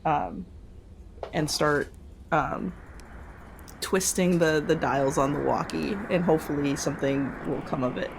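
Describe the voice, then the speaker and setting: A woman plays a tabletop game, musing through her choices. Her voice is fairly low, with faint noise behind it. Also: unhurried, gravelly, long pauses. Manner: casual, thinking aloud. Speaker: player. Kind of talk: casual tabletop play.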